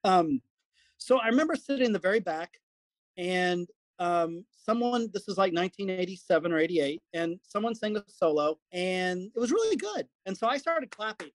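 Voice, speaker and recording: A middle-aged man, a guest, telling a lively personal story and acting out what people said. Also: high voice, normal speed, no room sound. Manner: animated storyteller acting out quotes. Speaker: guest, comedy performer. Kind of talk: storytelling in casual conversation.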